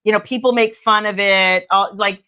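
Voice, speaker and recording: A woman's voice: mid-range voice, steady tone, normal speed, sharp tone, smooth. A middle-aged woman, a romance author, chatting casually on a livestream with rambling asides to viewers. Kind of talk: casual live chat.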